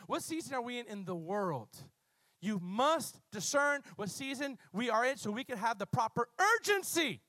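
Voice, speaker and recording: Male pastor, high voice, fervent sermon with loud peaks and hushed asides, dry close mic. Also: expressive, moderate pace, no echo. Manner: passionate preaching, swinging from loud bursts to low quiet asides; calls on the congregation to repeat words.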